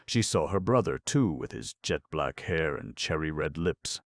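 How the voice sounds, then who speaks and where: A man reading a folk-tale audiobook in steady scripted narration. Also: extremely low pitch, normal speed, no room sound, clean studio sound. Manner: steady storytelling.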